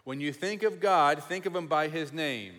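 A man's voice: a little high, normal speed. Emphatic preacher man in a reverberant hall. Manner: emphatic, repeats phrases, drops to a hush on key words. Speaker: pastor. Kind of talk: sermon.

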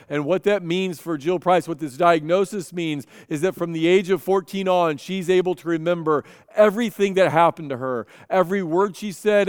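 A man's voice: high voice, smooth, no room sound, studio quality, in a large hall. A man preaching a sermon, telling stories earnestly and often repeating his first word as he goes. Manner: earnest storytelling with frequent repeated starts. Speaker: pastor.

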